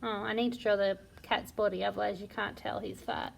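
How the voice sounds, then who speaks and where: A woman teaching a phonics lesson to young children, sounding out words slowly and praising often. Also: medium pitch, steady tone, creaky. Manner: slow, sounding out words syllable by syllable; encouraging and praising. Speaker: primary school teacher.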